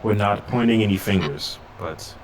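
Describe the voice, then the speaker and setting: A man at a tabletop game who tries to calm everyone down, speaking earnestly and laughing between phrases. His voice is low for a man, and steady noise sits clearly behind it. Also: moderate pace. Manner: placating, earnest, laughs often. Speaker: player. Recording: background noise on the mic.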